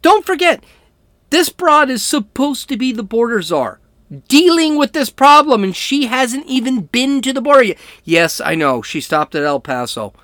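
A man's voice: very high-pitched, sing-song, moderate pace, a bit bright, dry recording, studio quality. A man hosting a political talk show, giving blunt, combative and sarcastic opinion commentary.

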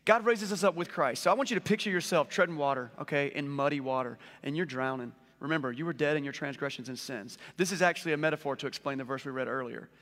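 A man in his forties preaching a conversational sermon, telling stories with lively rhetorical questions. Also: on the high side, fast talker, few pauses. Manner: animated storytelling with rhetorical questions. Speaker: pastor. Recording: long hall reverb.

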